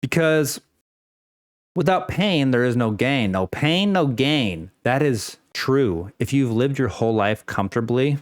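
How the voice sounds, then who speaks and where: A young vlogger rants casually to the camera at home, rambling with lots of fillers and restarts and swearing freely. His mid-range voice is animated and unhurried, recorded dry with clean studio sound.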